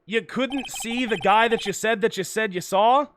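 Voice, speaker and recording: A man's voice: high-pitched, normal speed, background noise. A man streaming a courtroom game, reading lines and tossing in crude, sarcastic jokes, with game music behind. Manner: joking, crude, sarcastic asides. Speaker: let's play streamer. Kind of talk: casual gameplay commentary and reading.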